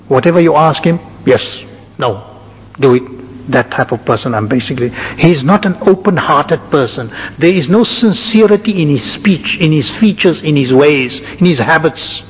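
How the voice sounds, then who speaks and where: A man giving a sermon, calmly listing and explaining numbered points to his listeners. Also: on the high side, breathy edge. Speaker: religious teacher. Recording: dull, echoing hall recording.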